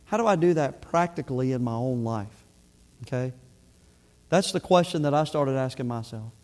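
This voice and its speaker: A man's voice: medium pitch, expressive, normal speed, a little mellow. A middle-aged male pastor preaching a sermon in an earnest, conversational way, often restarting his phrases.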